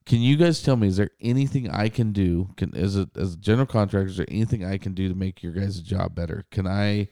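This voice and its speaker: A man's voice: sits low, quick pace, vocal fry, hardly any pauses, dark tone, dry recording, studio quality. A man in his thirties, a podcast co-host and contractor, telling a story in casual chat, quoting others and swearing freely.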